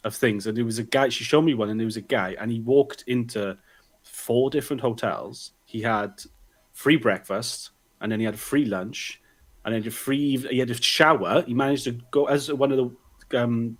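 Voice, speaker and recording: A male podcast guest in casual chat, quickly retelling a story he was shown. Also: medium pitch.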